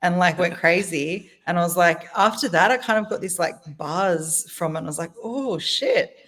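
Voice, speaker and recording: A woman's voice: fairly low pitch, brisk, a bit bright. A middle-aged Australian woman, a guest DJ, telling stories in a casual chat, laughing often and acting out what people said. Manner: chatty storyteller, laughs often, acts out quotes.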